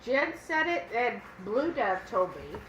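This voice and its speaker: A woman's voice: a little high, sing-song, unhurried, roomy sound, lo-fi sound, background noise. A woman co-hosting a casual cooking live stream, chatting and reading viewer comments aloud. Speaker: cooking channel co-host.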